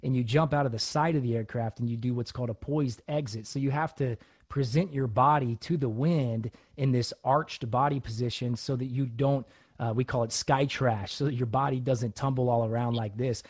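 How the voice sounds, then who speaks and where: A man's voice: medium pitch, moderate pace, slightly rough. A man who hosts a casual chat and tells military training stories with laughs and acted-out quotes. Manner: animated, laughs often, acts out quotes. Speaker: podcast host, former Navy special operator.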